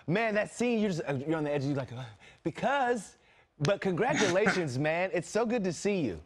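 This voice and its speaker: A man's voice: high voice, big pitch swings, moderate pace. A man hosting an entertainment show, interviewing a guest over a video call in an enthusiastic, chummy way and laughing often.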